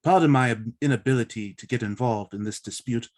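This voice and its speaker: A man's voice: medium pitch, brisk, darkish tone, natural voice. A man reading the part of a cold, sardonic alien male officer who speaks in a dry, formal way. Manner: dry, formal, without contractions.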